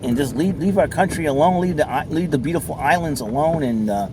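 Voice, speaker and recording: A man's voice: a little high, expressive, a little fast, noisy background. A man chatting casually while sitting in his car at a mall, rambling along with lots of fillers. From southern New England. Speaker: vlogger. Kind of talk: casual chat.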